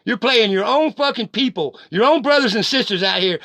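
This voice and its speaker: A man's voice: high-pitched, expressive, fairly quick, hardly any pauses, a bit bright, dry recording. Angry profane man ranting. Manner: profane, heated and confrontational. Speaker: vlogger. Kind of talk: angry direct-to-camera rant.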